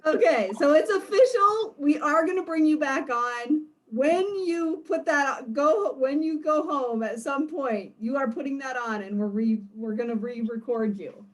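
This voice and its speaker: Cheery woman cohost, bit high voice, says yes a lot. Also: measured pace, few pauses, low-quality recording. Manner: upbeat, affirming. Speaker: co-host. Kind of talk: casual chat.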